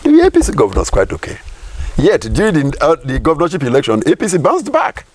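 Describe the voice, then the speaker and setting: A man's voice: a little high, huge pitch swings, quick pace, darkish tone. A Nigerian man, a professor, giving emphatic political commentary in an interview, repeating points and asking rhetorical questions.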